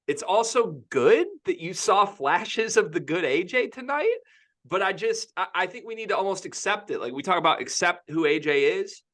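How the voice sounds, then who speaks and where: A man's voice: sits high, fairly bright tone. A young man co-hosting a casual sports podcast, opinionated and emphatic, often repeating himself as he makes his point. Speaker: podcast co-host.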